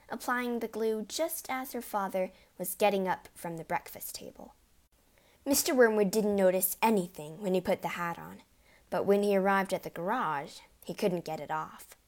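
A woman narrating a storybook reading in an expressive, lively way. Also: medium pitch.

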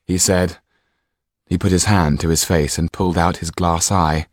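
A man's voice: low voice, flat delivery, a little slow, no room sound, studio quality. A man narrating a storybook audiobook expressively, shifting into voices for the characters.

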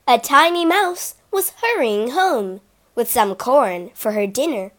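A woman narrating children's fables in a lively, expressive storybook reading. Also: fairly high pitch, slow.

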